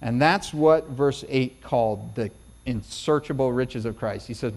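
A man's voice: medium pitch, measured pace, darkish tone. A middle-aged male pastor preaching a sermon in a folksy, conversational way, building to emphatic peaks.

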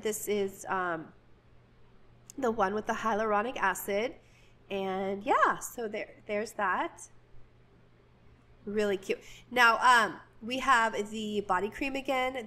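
A woman's voice: medium pitch, pushed and bright. Young woman vlogging thru a store, gushy and chatty, lots of ums. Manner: chatty and gushing, with fillers. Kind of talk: casual store walk-through.

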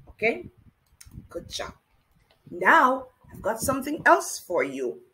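The audio is poor, but a woman's medium-pitched voice comes through as she leads a reading lesson for a child. Slow, sing-song and encouraging, she speaks right to the child while she spells and counts.

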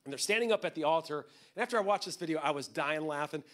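High-voiced pastor preaching casually. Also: male voice, expressive, fast, a bit bright. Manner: conversational and joking, acts out quotes. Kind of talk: sermon.

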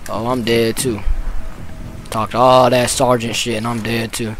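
Gravelly bossy man trash-talking teammates. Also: mid-range voice, moderate pace, a little hiss or hum. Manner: bossy trash-talking, swinging from shouting to mumbling. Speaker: streamer. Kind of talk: gaming stream chat.

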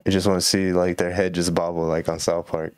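Man, solo podcast host, meandering and laid-back, smooth clear voice, dry close sound. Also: sits low, flat delivery, fairly quick, darkish tone, no echo. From Texas. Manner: rambling, musing, laid-back. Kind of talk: casual solo commentary.

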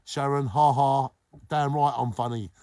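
A middle-aged man from England hosting a live stream, greeting viewers by name in an exuberant, sing-song way that swings between loud and hushed. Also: mid-range voice, steady tone, unhurried, noisy background. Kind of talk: casual live-stream chat, reading comments.

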